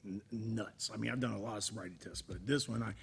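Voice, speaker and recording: Creaky-voiced man telling stories. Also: lowish voice, fast talker. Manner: rambling, laughing, restarts often. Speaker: professional wrestler guest. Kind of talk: casual storytelling among friends.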